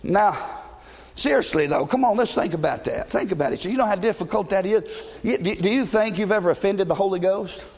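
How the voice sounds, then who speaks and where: Middle-aged pastor guy, high pitched, preaches loud and blunt with jokes for the congregation, long church echo. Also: fairly quick. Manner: blunt, joking asides to the congregation; shouting, preaching passionately at times. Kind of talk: sermon. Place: church sanctuary. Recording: long reverb of a large church hall.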